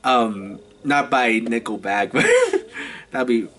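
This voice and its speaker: A man's voice: medium pitch, a bit bright. Chatty young man telling theatre stories. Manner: chatty and halting, often laughing between phrases. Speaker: vlogger. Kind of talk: casual storytime vlog.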